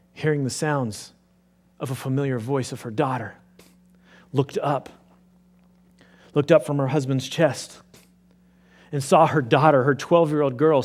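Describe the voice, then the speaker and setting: Male preacher, dramatic first-person storytelling, big shifts between hushed and loud. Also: medium pitch. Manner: theatrical, swings from hushed to loud. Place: church sanctuary.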